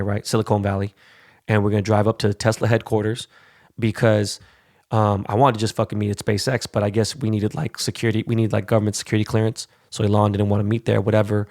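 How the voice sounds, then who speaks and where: A man hosting a podcast, ranting in a casual, heated and profane way with quick asides. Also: fairly low pitch, creaky, a little mellow, no echo, clean studio sound. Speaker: podcast host.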